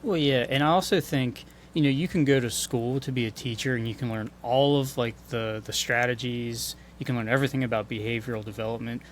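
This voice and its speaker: Male podcast guest, relaxed, thoughtful, mid-pitched voice, faint background noise. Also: a little fast, few pauses. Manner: relaxed, thoughtful, with many fillers. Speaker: podcast guest, teacher and musician. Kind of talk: casual chat.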